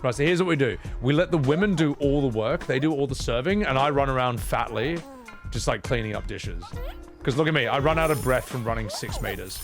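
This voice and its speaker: Male streamer with a lively, swooping delivery, joking and self-deprecating, with faint game music underneath. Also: medium pitch, a little fast. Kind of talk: casual game-stream commentary.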